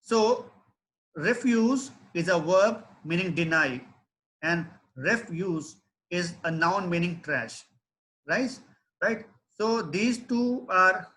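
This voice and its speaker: Man, webinar lecturer, high voice, bright tone, explains step by step. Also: slow. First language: not English. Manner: explanatory, frequent tag questions. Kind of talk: online technical lecture.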